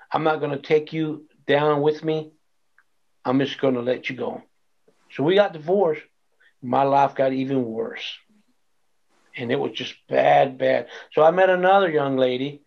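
A man's voice: on the high side, gravelly. A man telling his life testimony in an interview, acting out the voices in his story. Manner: animated storyteller acting out quoted dialogue. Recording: dull lo-fi sound.

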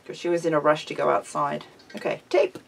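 A woman's voice: sits low, level tone, fairly quick, creaky, very noisy. An older woman chatting casually to camera as a craft vlogger at her table at home, rambling and giggling easily.

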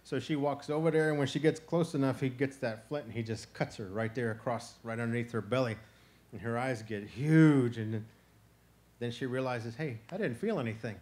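A male storyteller from Florida recounts an old animal tale in a loose, chatty rhythm, building the scenes with vivid detail. His voice sits at an ordinary middle pitch for a man. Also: moderate pace. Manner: relaxed, conversational, vivid. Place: outdoor festival stage.

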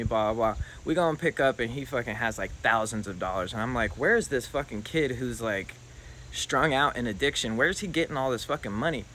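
A young man casually telling a personal story in a loose, profane, animated way. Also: medium pitch, slight background noise.

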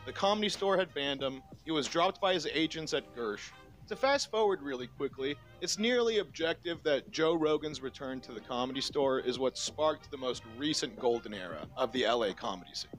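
A man narrating a comedy history video in a measured, explanatory way. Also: mid-range voice, lively intonation, a bit bright, faint music behind. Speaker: comedy commentary YouTuber. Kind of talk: scripted reaction narration.

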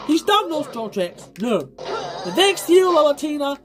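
A gameplay commentator yelling, swearing and trash-talking at a match and at others in the room. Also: high-pitched, sing-song, normal speed. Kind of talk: loud profane gameplay commentary. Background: loud game music.

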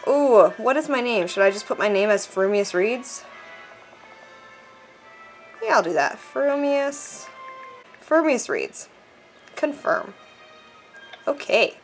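A woman casually commenting while playing a mobile game, chatty and excitable, reading the on-screen text aloud. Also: fairly high pitch, measured pace, pauses often, soft background music. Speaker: gameplay vlogger. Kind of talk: casual let's-play commentary.

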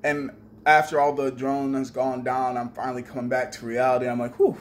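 A man's voice: mid-range voice, monotone, quick pace, a little hiss or hum. A young man casually telling a story on a vlog, swearing freely and acting out his own trash talk. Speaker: vlogger.

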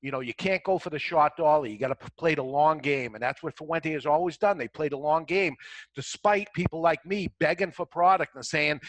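A man's voice: on the high side, a little fast, a bit bright, no room sound. A man who runs a cigar shop, talking earnestly and reflectively as a guest on a talk show, often restarting his sentences. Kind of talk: conversational interview answers.

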